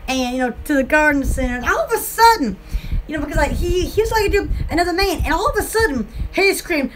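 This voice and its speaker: A woman from Alabama with a Southern accent, rambling excitedly in a casual vlog for her online shop. She giggles often and fills her talk with "oh" and "um". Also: high-pitched, moderate pace, slight background noise. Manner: giggly, excitable, lots of "oh" and fillers.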